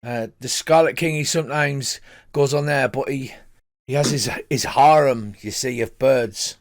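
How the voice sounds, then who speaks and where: A man's voice: mid-range voice, a little slow, natural voice. A man voicing a folksy, helpful old merchant who gives rambling advice. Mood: advising.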